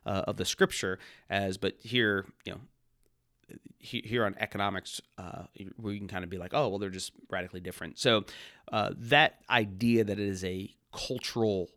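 A man hosting a podcast, reading an article aloud and commenting on it in a quick, conversational way with asides and restarts. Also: lowish voice, steady tone, fairly bright tone, no room sound, studio quality. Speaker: podcast host.

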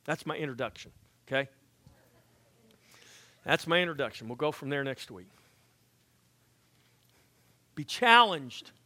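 A man preaching a sermon as pastor, swinging from hushed passages to loud exhortations, with folksy joking asides. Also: on the high side, big pitch swings, measured pace, pauses often, dry recording.

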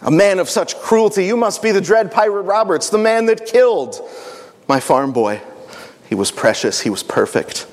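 A man's voice: high voice, animated, moderate pace, voice pushed up. A man playing a young woman who is grieving and bitter, speaking coldly and with reproach. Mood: mournful. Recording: echoey hall.

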